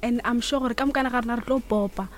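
A woman's voice: a little high, very fast. A woman giving a short encouraging interview statement, switching languages as she speaks. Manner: code-switching, encouraging, relaxed.

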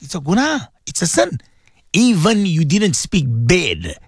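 A man's voice: a little high, very animated, unhurried, slightly rough, dry recording, clean studio sound. Emphatic man preaching on the radio. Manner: emphatic, repeats phrases, rhetorical questions. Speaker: Islamic preacher and radio host. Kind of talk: radio sermon.

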